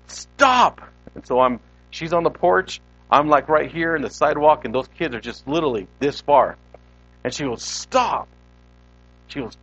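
A man preaches a sermon with a fairly high voice, jumping from loud, emphatic calls to hushed, low asides as he tells a story. The recording is dull and lo-fi. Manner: storytelling, animated, swings from loud exclamations to hushed. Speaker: pastor.

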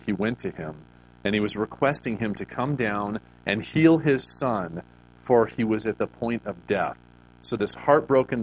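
Low-voiced man preaching conversationally. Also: lo-fi sound. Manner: conversational storytelling with many restarts. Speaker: pastor. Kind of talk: sermon.

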